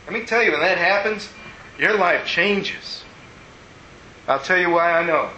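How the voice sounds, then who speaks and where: A man preaching a sermon as pastor, telling stories in an animated way and acting out the people he quotes. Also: high voice, measured pace, lo-fi sound, slight background noise. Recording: roomy echo.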